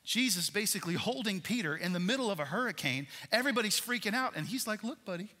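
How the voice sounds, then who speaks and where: A man preaching a sermon as a pastor, animated, swinging between loud emphasis and hushed passages. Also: high voice, quick pace, in a large hall.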